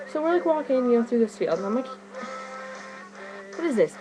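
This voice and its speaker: A teenage girl vlogging to her webcam, telling a story excitedly and rambling with "like" in nearly every phrase. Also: on the high side, racing, rough recording. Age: teens. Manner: rambling, fillers, "like" constantly. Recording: music playing behind her.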